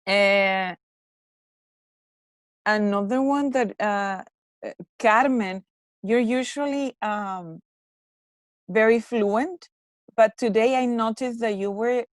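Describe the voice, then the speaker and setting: Woman teacher from mexico, slow and encouraging, says words over and over, dry close sound. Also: fairly high pitch, dry recording. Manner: encouraging, repeats words slowly to model pronunciation. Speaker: English teacher. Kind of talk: classroom feedback on pronunciation. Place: classroom.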